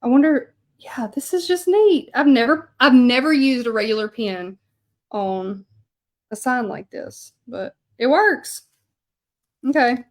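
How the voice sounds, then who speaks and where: A woman's voice: on the high side, lively intonation, slow pace. A woman chatting casually to live viewers in her home craft studio as she hand-letters a sign, rambling from story to task. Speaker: hand-lettering artist and channel host. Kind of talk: casual livestream chat while painting.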